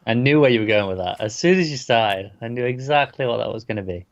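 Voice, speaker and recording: A man's voice: mid-range voice, expressive, quick pace. A man co-hosting a casual comics podcast, replying in a dry, laid-back way and sounding tired from a bad night's sleep. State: tired from insomnia. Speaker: podcast co-host. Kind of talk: casual chat. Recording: slightly dull lo-fi audio.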